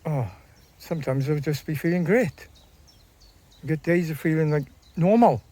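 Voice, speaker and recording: A man's voice: a little high, moderate pace, warm tone. A man vlogging in a casual, rambling way, often repeating and restarting his phrases. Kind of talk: casual talk to camera.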